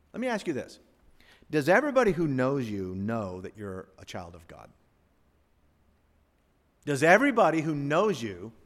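A man preaches a sermon, his fairly high voice leaping through a wide, lively range. He drops to near hushes and then climbs to booming peaks. The sound rings with the long reverb of a large hall. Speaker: pastor.

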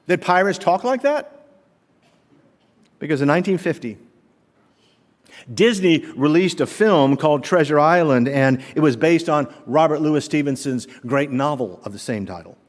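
Preaching pastor in a reverberant hall. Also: male voice, fairly high pitch. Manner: animated preaching, rhetorical questions to the congregation. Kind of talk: sermon. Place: church sanctuary. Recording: long reverb of a large hall.

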